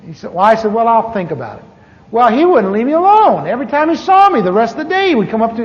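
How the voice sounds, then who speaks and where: Higher-voiced man preaching in an echoey hall. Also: sing-song. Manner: conversational storytelling with halting restarts. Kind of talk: personal testimony sermon. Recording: echoey hall, dull lo-fi tape.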